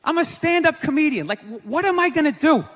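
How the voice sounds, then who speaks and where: Brash high-voiced stand-up man. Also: expressive, brisk. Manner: brash, shouting, talks to the audience. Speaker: stand-up comedian. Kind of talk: stand-up set. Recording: live room with crowd and noise.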